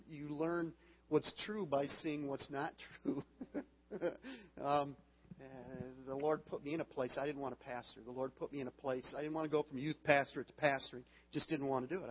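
Husky-voiced preacher in a reverberant hall. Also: male voice, mid-range voice. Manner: earnest, breaks into laughter, restarts phrases. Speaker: pastor. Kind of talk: sermon. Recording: long hall reverb, dull lo-fi sound.

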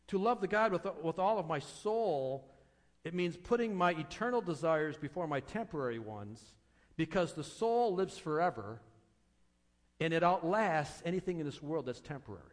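A man's voice: on the high side, expressive, moderate pace. A man preaching a sermon as pastor, earnest, asking rhetorical questions and repeating phrases for emphasis.

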